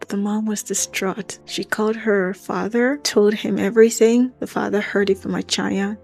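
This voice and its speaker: A woman's voice: medium pitch, moderate pace, gravelly, faint music behind. Woman telling a true-crime story. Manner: animated, acts out quotes.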